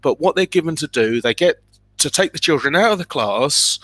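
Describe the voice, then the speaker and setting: A man as an interview guest, telling personal stories in an animated way and acting out scenes with sudden loud exclamations. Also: fairly high pitch, normal speed, dry recording.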